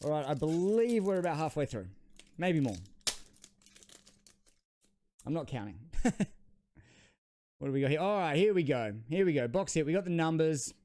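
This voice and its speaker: A man's voice: a little high, very animated, brisk, long pauses, mellow. A man with an Australian accent hosting a trading card channel, giving rambling, self-deprecating unboxing commentary.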